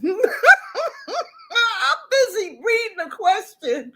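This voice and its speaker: A woman's voice: mid-range voice, big pitch swings, takes it slowly. A woman hosting a casual livestream who talks to her chat, reads the comments aloud and laughs often. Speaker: livestream host.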